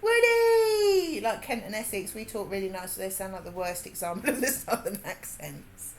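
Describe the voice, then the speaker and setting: A woman's voice: medium pitch, brisk. A woman with a Birmingham accent, chatting casually and laughing while she works on a craft during a livestream. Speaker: livestream host.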